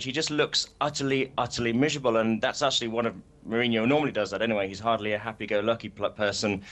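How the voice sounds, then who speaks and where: Fast-talking chesty man on a remote link. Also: medium pitch, a bit bright. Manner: quick, chatty explaining. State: chesty, deeper than usual. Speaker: remote correspondent. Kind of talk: studio panel discussion.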